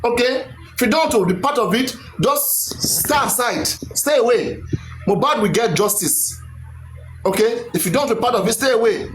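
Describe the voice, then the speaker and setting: A Nigerian man with a high voice delivers an emphatic, repetitive rant on a phone live stream. The room is echoey, with faint noise underneath. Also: animated, normal speed.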